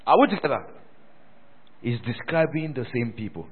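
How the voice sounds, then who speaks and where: Animated preacher in an echoey hall. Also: male voice, medium pitch, normal speed, pauses often, breathy edge. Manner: animated, calls for congregation responses; mocking, laughing asides. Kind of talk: sermon. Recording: echoey hall over a tinny phone-like line.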